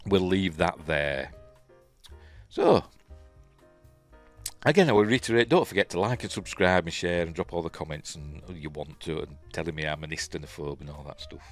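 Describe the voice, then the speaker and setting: A man's voice: deep voice, moderate pace, faint music behind. A man with a Yorkshire accent, hosting a casual solo review, rambling and chuckling, often trailing off into a mumble. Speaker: show host and reviewer.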